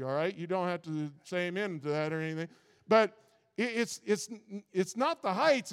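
Brief: male preacher, high voice, smooth and clear, folksy, stammers and repeats, reverberant hall. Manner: halting, repeats words, folksy and earnest. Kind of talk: sermon.

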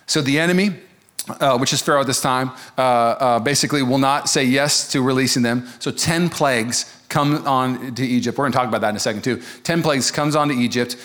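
A man preaching a sermon to a congregation in an energetic, joking, conversational way. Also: medium pitch, fairly quick. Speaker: pastor. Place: church service before a congregation.

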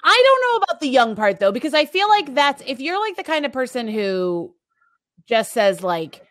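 A woman appearing as a guest on a podcast, giving advice in casual chat. Her voice is slightly high, and her pitch swings widely as she acts out little quoted lines. The sound is dry and close. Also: sing-song, normal speed, fairly bright tone, dry recording.

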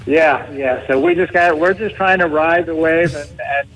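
Middle-aged man, talkative guest who stumbles and laughs through his answers, a touch high-voiced. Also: moderate pace, fairly bright tone, rough recording. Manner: chatty, laughs often, frequent restarts. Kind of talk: casual interview.

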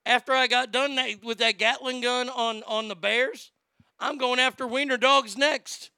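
A man's voice: very high-pitched, fairly even intonation, unhurried, creaky, pushed and bright, smooth, dry recording. A man delivering a profane, blustering comedic rant, stammering when worked up.

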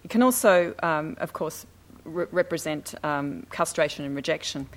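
Low-voiced woman co-presenter, emphatic and chatty, speaking to an audience. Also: moderate pace. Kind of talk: presentation with slides. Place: talk before an audience.

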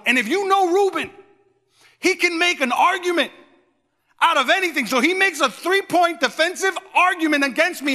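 A man in his thirties preaching a sermon as a pastor, telling a personal story in a lively, conversational way and talking straight to the congregation. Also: extremely high pitch, normal speed, long reverb tail.

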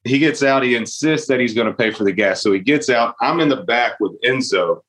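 A man's voice: mid-range voice, lively intonation, brisk, fairly bright tone. A man with a mid-range voice tells a long, rambling story in casual conversation. He laughs often while he talks. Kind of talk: casual chat.

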